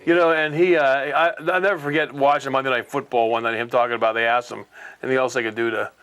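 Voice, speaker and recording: A man co-hosting a local sports TV show with quick quips, chuckles and sports trivia. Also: mid-range voice, steady tone, a bit bright, clear, resonant tone. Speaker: co-host. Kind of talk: casual sports chat. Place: local cable TV studio.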